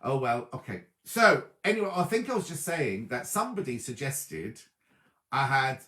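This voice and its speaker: Man, livestream host, casual chat, lively pitch, roomy sound. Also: moderate pace. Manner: chatty, lively, reacts to live comments. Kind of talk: casual chat reading viewer comments. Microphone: laptop or tablet on a video stream.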